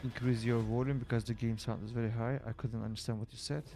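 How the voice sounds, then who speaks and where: A man's voice: medium pitch, little pitch movement, mellow, soft background music. Man chatting casually over a game stream. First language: Kurdish. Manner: halting, searching for words in English. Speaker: streamer playing with a teammate. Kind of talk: casual gaming chat.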